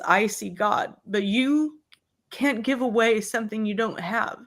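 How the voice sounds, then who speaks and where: A woman's voice: mid-range voice, unhurried, a bit bright. Heartfelt woman hosting a book club. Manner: heartfelt, breaks off to apologize. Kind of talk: reading a memoir aloud and chatting.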